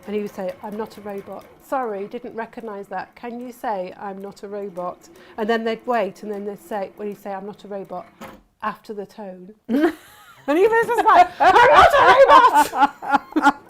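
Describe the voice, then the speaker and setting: Woman, workshop host, casual storytelling, mid pitch, faint background hum. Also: fairly even intonation, moderate pace, hardly any pauses, darkish tone. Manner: chatty, storytelling, laughs often. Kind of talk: casual chat while sewing.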